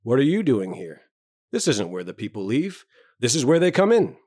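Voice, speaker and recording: A man reading a story aloud, voicing a towering, self-important male doctor with a booming, hearty manner. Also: sing-song, moderate pace, darkish tone, no echo, clean studio sound. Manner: hearty, booming, bluff joviality.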